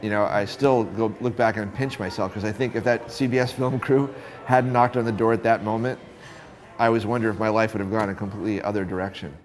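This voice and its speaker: A man's voice: lowish voice, fast talker. A middle-aged man, a photographer, telling stories from his career in an interview and acting out the voices of the people he met. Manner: animated storyteller acting out quoted voices. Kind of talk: storytelling interview.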